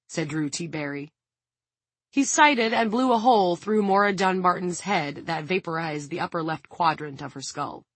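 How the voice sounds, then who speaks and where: A woman giving measured, scripted audiobook narration. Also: fairly low pitch, breathy edge, no room sound.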